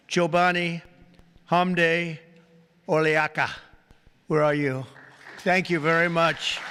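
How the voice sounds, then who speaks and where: A man with a gravelly, bright and fairly high voice makes off-the-cuff remarks at a press conference. He strings formal introductions together with loose, joking asides. The sound carries the long reverb of a large hall. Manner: rambling, jokey asides between formal introductions.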